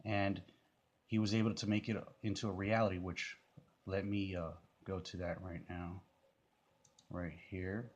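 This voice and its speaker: Low-voiced man rambling through commentary. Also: little pitch movement, measured pace, dull audio. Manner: rambling, many fillers and restarts. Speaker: video commentator. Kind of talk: casual commentary over a music video.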